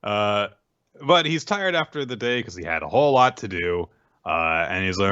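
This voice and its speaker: A man's voice: fairly low pitch, normal speed, muffled recording. A man co-hosting a casual podcast, recapping chapters and laughing as he tells the story. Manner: laughing, animated storytelling with acted-out quotes. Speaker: podcast co-host. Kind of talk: casual manga recap chat.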